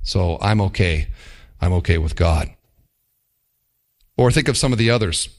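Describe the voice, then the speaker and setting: A man's voice: deep voice, lively intonation, moderate pace. A man preaching a sermon as pastor, with wry mimicking asides.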